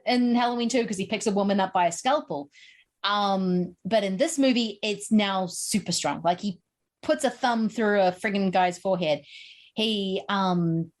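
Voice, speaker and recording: A woman hosting a podcast, chatting casually and excitedly about horror films, with plenty of "like" and mild swearing. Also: mid-range voice. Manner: chatty, animated, swears for emphasis. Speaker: podcast host. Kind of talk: casual chat.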